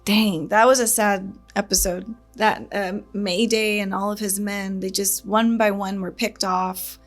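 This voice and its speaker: A woman's voice: mid-range voice, fairly even intonation, unhurried, faint music behind. A woman hosting a reaction channel. She talks in a casual, earnest, rambling way, with nervous laughs when she gets upset.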